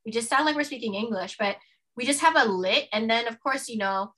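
A woman's voice: on the high side, a little fast, fairly bright tone. A woman from Canada with a Canadian accent, co-hosting a podcast in casual, chatty talk full of "like". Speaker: podcast co-host. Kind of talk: casual chat.

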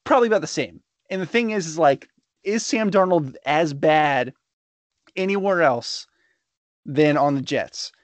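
A man with a fairly high voice argues football with his co-host, teasing him and swearing freely. His delivery stays loose and conversational. The sound is dry and close. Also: animated, measured pace, no room sound. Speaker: podcast co-host. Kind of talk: casual sports chat.

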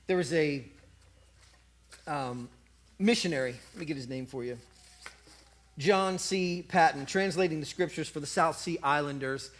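A man with a high-pitched voice delivers a sermon. He tells his story with animated energy and briefly acts out the voices of a cheering crowd. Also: unhurried, long pauses. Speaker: preacher.

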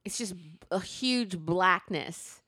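A woman's voice: lowish voice, takes it slowly, pushed and bright, no echo, studio quality. A woman hosting a podcast in casual chat, telling stories and acting out what others said. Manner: chatty storyteller, acts out quoted reactions. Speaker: podcast host.

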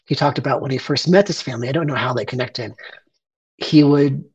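A man in his forties presenting a photography project in an earnest, emotional way, with halting fillers. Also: mid-range voice, a little mellow, husky, lo-fi sound. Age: 40s. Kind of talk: conversational presentation.

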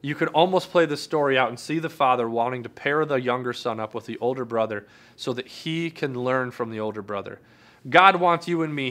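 A man's voice: medium pitch, a bit bright. A man preaching a sermon, telling a personal story in an earnest way and often asking "right?". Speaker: pastor.

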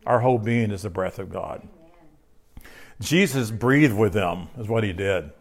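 A man's voice: lowish voice, measured pace. A man preaching a sermon in a conversational way, asking his listeners questions and repeating key phrases. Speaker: pastor.

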